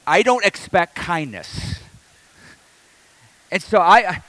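A man's voice: high-pitched, animated, normal speed, a bit bright, dry recording. A middle-aged male pastor from the Detroit area, preaching a sermon through a humorous personal story. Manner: storytelling, self-deprecating humor, builds to preaching.

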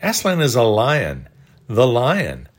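A stern male beaver insists on his point with firm emphasis. It is a storybook reading, with a man giving the beaver's lines. The voice stays close to a plain, measured read. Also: mid-range voice, wildly swooping pitch, slight background noise.

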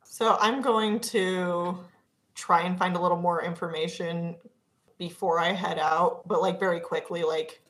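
A woman's voice: lowish voice, fairly even intonation, unhurried, a bit bright. A woman playing a tabletop game, talking casually and thoughtfully, with many hesitant "like"s. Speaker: player.

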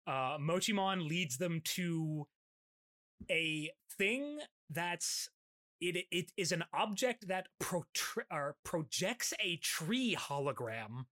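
A man's voice: a little high, expressive, slow pace, pushed and bright. A man hosting a podcast, recapping an episode in casual chat, rambling with many fillers and restarts.

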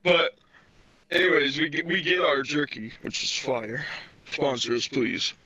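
Guy cohosting a podcast, kinda high voice, laughs a lot, swears, animated storytelling. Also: measured pace, husky. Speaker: podcast co-host. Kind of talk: casual chat, storytelling. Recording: dull lo-fi sound.

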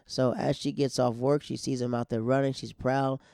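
A man tells a story in a relaxed, animated way, restarting sentences and acting out what people said. His voice is gravelly and dark, and it sounds close and dry with no room echo. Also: mid-range voice, moderate pace. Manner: animated, restarts often, acts out quotes. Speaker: storyteller guest. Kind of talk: casual storytelling.

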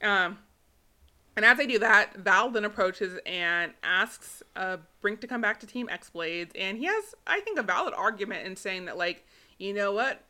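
A woman's voice: medium pitch, moderate pace. A woman co-hosting a podcast, casually recapping a movie with lots of laughter and acted-out quotes. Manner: animated storytelling, acts out characters' lines, laughs often. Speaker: podcast co-host.

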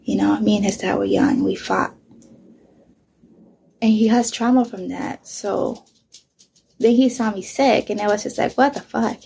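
A woman's voice: mid-range voice, steady tone, a little slow, gravelly, long pauses, mellow, slightly rough. A woman in her thirties, speaking bluntly and with lots of swearing, who often drops to a whisper while telling her story. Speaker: vlogger. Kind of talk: casual storytelling.

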